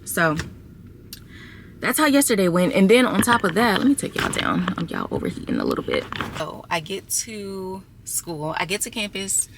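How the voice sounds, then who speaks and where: A woman's voice: medium pitch, sing-song, normal speed, background noise. A young adult woman vlogging casually to her viewers, chatty and exasperated as she talks to them as y'all. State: six months pregnant. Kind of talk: casual storytelling vlog.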